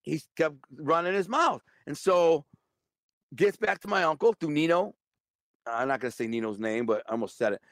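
A man's voice: fairly high pitch, moderate pace, a bit bright, no room sound, studio quality. A man telling a blunt, streetwise story as an interview guest. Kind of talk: casual storytelling.

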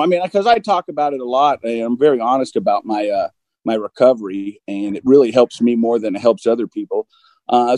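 A man in his forties, speaking as a guest, telling a personal story openly and candidly, acting out both sides of old conversations in quick back-and-forth. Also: mid-range voice, mellow, no room sound, poor audio. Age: 40s. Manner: open and self-deprecating, acts out both sides of dialogue. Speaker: guest recounting recovery.

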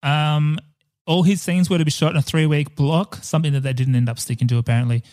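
A man's voice: fairly high pitch, steady tone, quick pace, darkish tone. A man co-hosting a casual movie podcast, chatting in a jokey way, swearing and wandering off on tangents. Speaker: podcast co-host. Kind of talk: casual film podcast chat.

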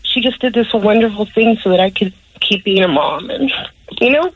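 A woman's voice: medium pitch, expressive, normal speed, slightly rough. A woman calling into a radio show, heartfelt and grateful, holding back tears. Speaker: caller. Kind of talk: emotional phone call. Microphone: telephone. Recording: dull phone line.

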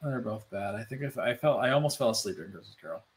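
Animated man chatting with lots of "like". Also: lowish voice, fast. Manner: animated, swearing, many "like" fillers, mimics voices. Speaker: podcast co-host. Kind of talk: casual chat.

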